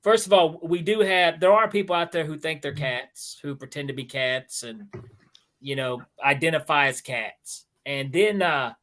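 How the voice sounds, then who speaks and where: A guest comedian chimes into a casual movie discussion with wry, jokey asides. He is a man whose voice sits fairly high. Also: moderate pace, a bit bright.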